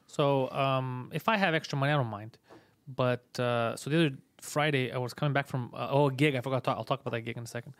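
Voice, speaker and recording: Fast-talking, profane man. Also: mid-range voice, dry recording. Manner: fast, profane, animated storyteller. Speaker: comedian podcast host. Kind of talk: casual storytelling chat.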